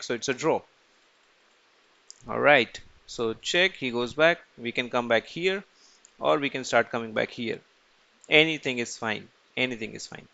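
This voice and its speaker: A man's voice: mid-range voice, bright, forceful tone, lo-fi sound. A man teaching chess in a casual screen-recorded tutorial, asking and answering his own questions as he goes.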